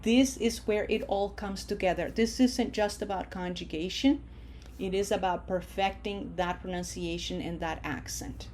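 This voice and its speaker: A woman's voice: medium pitch, fairly even intonation, a little mellow, slight background noise. A woman teaching a Spanish lesson, patiently leading conjugation drills and checking in with her students. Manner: slow, drawn-out model pronunciations; patient, encouraging, checks in with "okay?".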